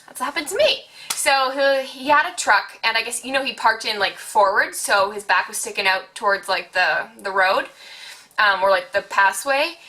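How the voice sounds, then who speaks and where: A chatty teenage woman telling a storytime vlog, her voice sitting a little high and sounding very bright. She rambles along animatedly, with "like" in nearly every phrase. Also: normal speed. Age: late teens. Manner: chatty, heavy use of "like", animated retelling. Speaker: vlogger.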